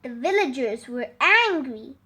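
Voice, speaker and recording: A woman reading a fable aloud for children in a slow, expressive, sing-song way. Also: high voice, breathy edge. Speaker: storyteller.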